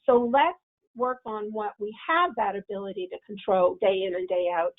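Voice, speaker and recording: On a video call, a woman hosts a parenting webinar, coaching her listeners and acting out angry self-talk as examples. Her voice is medium in pitch and her speed is normal, though the audio sounds tinny, like a phone line.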